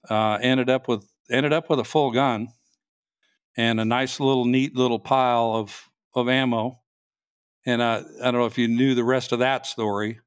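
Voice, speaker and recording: A man, a state trooper, telling his story in a casual interview, halting and restarting sentences as he goes. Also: medium pitch, fairly even intonation, clear, resonant tone, no echo.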